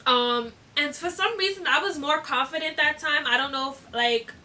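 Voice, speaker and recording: A young woman chats through a story in a bright, high voice, giggling and leaning on fillers. She is recorded from a little distance, with faint noise behind her. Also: normal speed. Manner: chatty, giggly, lots of fillers. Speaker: vlogger. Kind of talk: casual storytime.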